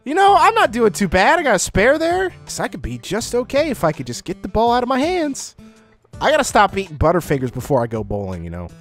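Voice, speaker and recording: Man, gaming commentator, lively swooping delivery, self-mocking jokes, frequent laughs, faint music behind. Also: high-pitched, fast talker. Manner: joking and self-mocking, laughs often, sudden excited outbursts. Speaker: gaming YouTuber. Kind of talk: casual gameplay commentary. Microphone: close microphone.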